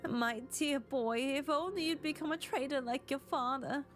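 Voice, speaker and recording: A woman voicing a frantic, grieving old mother, wailing and melodramatic with a rough put-on accent. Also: high voice, moderate pace, faint music behind, pitched above the performer's own voice, lightly acted. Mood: mournful.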